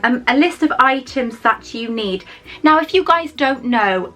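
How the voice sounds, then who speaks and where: A woman's voice: high-pitched, fairly bright tone, low-quality recording. A young woman vlogging casually, chatty and effusive, with frequent fillers and laughs. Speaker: YouTuber. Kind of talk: casual vlog chat.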